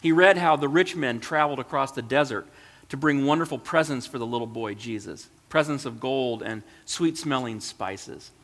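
A man reading a storybook aloud in a gentle, measured way. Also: mid-range voice. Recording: long hall reverb.

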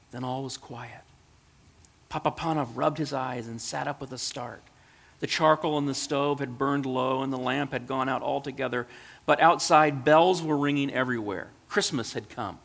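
A man reading a storybook aloud in a gentle, measured way. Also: medium pitch, fairly even intonation, gravelly. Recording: long hall reverb.

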